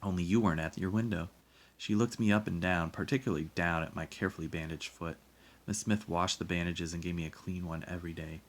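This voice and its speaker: A man reading a children's novel aloud, narrating in first person with steady expression. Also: low voice, quick pace. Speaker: reader.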